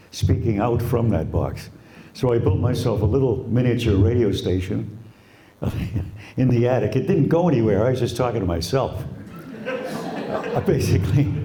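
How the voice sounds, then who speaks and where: A man's voice: mid-range voice, roomy sound. Older Boston man telling radio stories. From Quincy, Massachusetts. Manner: relaxed anecdotal storytelling, imitates voices. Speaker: retired radio broadcaster, guest. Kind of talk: storytelling at a live talk. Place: room with a live audience.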